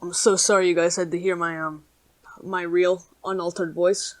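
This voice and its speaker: A woman's voice: on the low side, level tone, moderate pace, faint music behind. A woman YouTuber delivering sarcastic, comedic video essay commentary and swearing casually.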